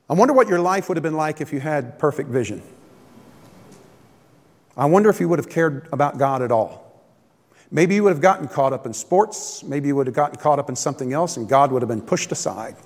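A man preaching a sermon as a pastor, folksy and joking, acting out complaining voices. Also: on the high side. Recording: echoey hall.

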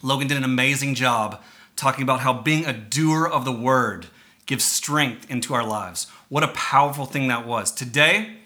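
A man's voice: mid-range voice, moderate pace, sharp tone. A man preaching a sermon to his church, earnest and emphatic, reading scripture and asking the congregation questions. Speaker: pastor.

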